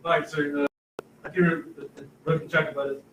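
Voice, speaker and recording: Quick mumbly guy in a bible class, far from the mic, roomy echo and a little background hum. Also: fairly high pitch, flat delivery, fairly bright tone. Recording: distant from the mic, echoey room with faint background.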